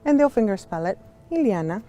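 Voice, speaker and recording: Woman interpreter leading a kids' sign language class; average pitch, slow and patient. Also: darkish tone, faint music behind. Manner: patient, explains step by step to young students. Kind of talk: teaching a beginner sign language lesson.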